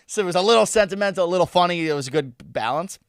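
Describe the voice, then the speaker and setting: A young man co-hosting a podcast in casual chat, animated and laughing often as he tells stories. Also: high voice, rapid-fire, clear, resonant tone, no echo, clean studio sound. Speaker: podcast co-host.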